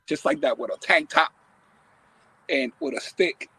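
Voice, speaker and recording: A man's voice: a little high, measured pace, breathy edge, no echo. A man from the Dominican Republic telling his life story as a podcast guest, acting out the people in it. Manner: lively, acts out voices in his stories. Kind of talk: animated storytelling.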